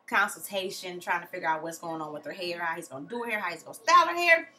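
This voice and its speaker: Chatty woman with a bright voice. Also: medium pitch. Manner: chatty, animated, with slang and acted-out quotes. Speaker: TV recap vlogger. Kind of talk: casual recap chat. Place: home.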